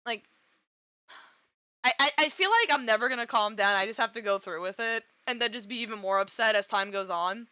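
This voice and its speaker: A woman's voice: mid-range voice, bright, forceful tone, dry recording. A woman streamer reacting to a game, dramatic and swearing, swinging between laughter and wailing. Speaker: VTuber streamer. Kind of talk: emotional let's-play reaction.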